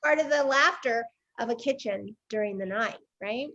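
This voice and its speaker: A woman in her sixties hosts a relaxed chat, speaking candidly and wandering between thoughts. Her voice sits a little high, and it comes through a muffled, lo-fi video call. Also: moderate pace. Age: 60s. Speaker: show host. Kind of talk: casual interview chat. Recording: somewhat dull, lo-fi sound.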